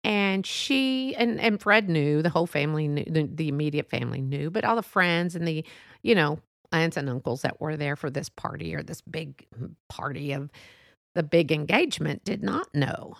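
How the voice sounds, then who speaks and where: A woman's voice: sits low, lively intonation, normal speed, vocal fry, no echo, clean studio sound. A woman telling a personal story in a chatty, rambling way, with lots of asides. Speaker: podcast storyteller. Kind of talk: casual storytelling monologue.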